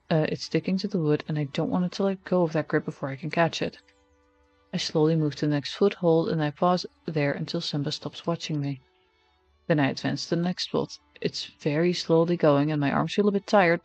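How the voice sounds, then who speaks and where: A man's voice: fairly high pitch, a little mellow, dry recording. A man streaming, reading a text game aloud in first person with casual, wry asides. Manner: casual, wry asides between narrated lines.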